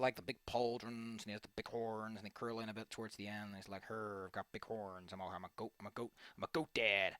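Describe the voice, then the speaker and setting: A man's voice: a little high, bright, forceful tone, no room sound. A young man rambling goofily as he draws on a stream, repeating words playfully and joking to himself. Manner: goofy, rambling, playful repetition. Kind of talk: casual commentary while drawing.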